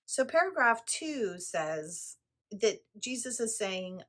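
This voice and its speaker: A woman's voice: on the high side, very animated, slow, a bit bright. A middle-aged woman, a spiritual teacher, explaining a text in a blunt, casual way and laughing often.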